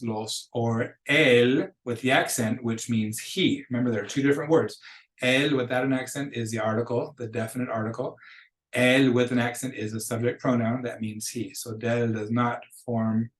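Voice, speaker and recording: A man gives a recorded lesson, patiently working through examples and repeating key phrases. His voice sits in a middle pitch. The room around him is echoey. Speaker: Spanish teacher. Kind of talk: recorded lecture for students.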